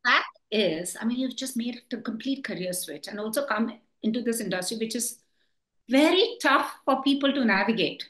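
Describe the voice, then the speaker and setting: Brief: woman host, high-ish voice, supportive short reactions, roomy sound. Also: expressive, normal speed, fairly bright tone. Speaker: interviewer. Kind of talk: casual interview. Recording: roomy echo.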